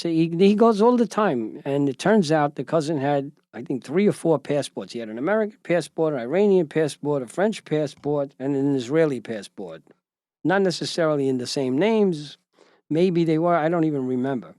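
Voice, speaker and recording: A man's voice: medium pitch, dark tone, no room sound. Older male storyteller host, wry, chuckles, dry close-miked podcast. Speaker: host, retired judge. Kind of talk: storytelling anecdote.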